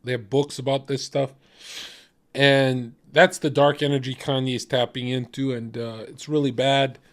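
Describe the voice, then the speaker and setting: A man's voice: medium pitch, little pitch movement, normal speed. Profane joking man streamer. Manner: profane, jokey, jumps to loud shouting bits. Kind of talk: casual reaction stream.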